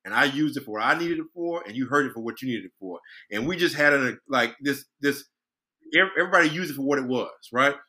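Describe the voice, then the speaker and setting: A man's voice: medium pitch, lively intonation, fast talker, pushed and bright. A man on a podcast, reflecting and telling a personal story in casual chat, often restarting his sentences. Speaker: podcast co-host.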